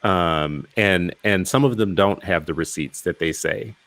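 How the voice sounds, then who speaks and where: A man's voice: low voice, a little slow, a bit bright, dry recording. A male podcast host in casual interview conversation, talking emphatically and firing off rhetorical questions.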